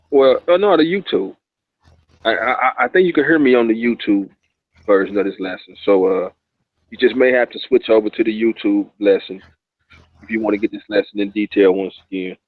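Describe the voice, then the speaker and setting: A man reads scripture slowly and steadily, then speaks in a relaxed, easygoing way to close. His voice sits a little low and comes through a tinny, phone-like line that sounds very dry. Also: no room sound. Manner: slow, measured reading, relaxed talk. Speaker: co-host and scripture reader. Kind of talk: scripture reading and closing remarks.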